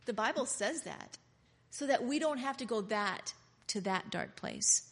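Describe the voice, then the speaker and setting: Lady preacher giving a lively sermon, emphatic, laughs a lot. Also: fairly high pitch, a little slow, gravelly, in a large hall. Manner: animated, emphatic, with frequent laughs and repetition.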